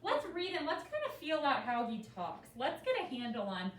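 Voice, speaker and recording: A young woman teaches a third grade reading lesson, quizzing her pupils in a lively, encouraging way. Her voice is on the high side and moves at a normal speed. She was recorded from across an echoey classroom on a distant mic, with slight background noise and faint classroom ambience.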